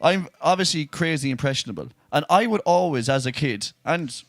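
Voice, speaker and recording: A man with a Roscommon accent co-hosting a casual podcast chat, animated and a little tipsy. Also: on the high side, brisk, no room sound. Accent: Roscommon, west of Ireland. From Roscommon, Ireland. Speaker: podcast co-host.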